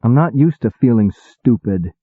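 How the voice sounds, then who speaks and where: A man's voice: mid-range voice, lively intonation, normal speed, no room sound, lightly acted. A man voicing a timid, naive young male apprentice who speaks earnestly and plaintively, recorded with a tinny sound. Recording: tinny phone-like dry sound.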